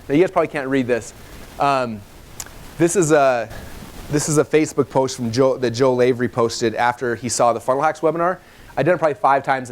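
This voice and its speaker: Fast-talking animated male seminar trainer. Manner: fast, animated storytelling, acts out dialogue in higher voices. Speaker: webinar trainer. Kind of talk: live seminar teaching to a room.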